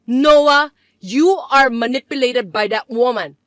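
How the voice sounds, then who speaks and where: A scheming, bossy mother-in-law, played by a woman in a story drama. Her voice sits high and rides wide, indignant swings, with shrill, accusing complaint in every line. The recording is dry and close. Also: very animated, normal speed, a bit bright, no echo. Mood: self-pitying.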